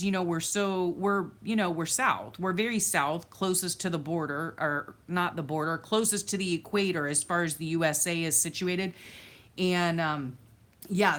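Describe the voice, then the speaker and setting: A woman's voice: lowish voice, fairly bright tone. A woman from Florida, hosting a live stream and chatting casually with viewers, laughing often. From Florida, USA. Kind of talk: casual chat reading viewer comments.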